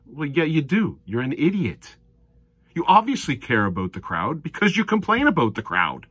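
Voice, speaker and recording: Man, commentator. Husky voice, lively pitch, heated rant, dry close mic. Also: normal speed, no room sound. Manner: heated, ranting, swings from low mutters to loud outbursts. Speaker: darts commentator. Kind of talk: opinionated solo video commentary.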